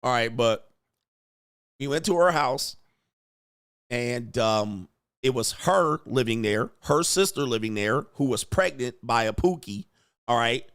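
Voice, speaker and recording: A man hosting a casual livestream, reading chat comments and telling stories in a profane, animated way. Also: medium pitch, a little slow, long pauses, clean tone. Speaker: host of a livestream show. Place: home studio.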